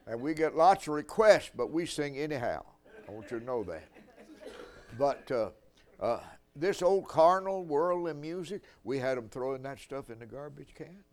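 A man's voice: a little high, lively intonation, moderate pace. An older man preaching a sermon, telling folksy stories with dry humor.

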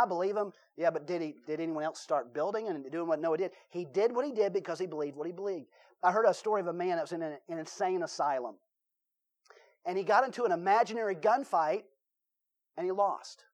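Folksy Southern preacher man. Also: sits high. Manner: folksy storytelling, acts out voices in his stories. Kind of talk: sermon with anecdotes.

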